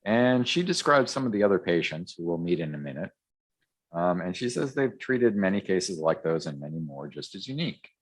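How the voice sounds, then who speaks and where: Here a co-host with a low-pitched, very animated voice races briskly through a comic recap on his podcast microphone. The chat is casual and rambling, with lots of ums and restarts.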